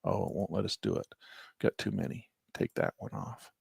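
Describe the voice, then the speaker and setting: Gravelly-voiced man teaching chart trading. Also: sits low, fairly even intonation, normal speed, a little mellow, dry recording, clean studio sound. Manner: casual, thinks aloud while clicking through charts; chatty asides to viewers. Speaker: trading instructor. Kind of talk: live screen-share trading lesson.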